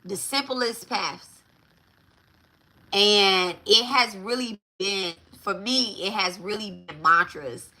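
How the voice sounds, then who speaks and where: Slow, bright-voiced woman teaching spirituality. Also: mid-range voice. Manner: chatty, repeats herself, keeps asking "right?". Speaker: spiritual podcast host.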